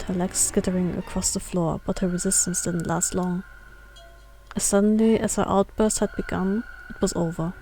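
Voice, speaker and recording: A woman reading a visual novel aloud, steady with occasional slips and restarts. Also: fairly low pitch, normal speed, slight background noise. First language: German. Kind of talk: reading game text aloud.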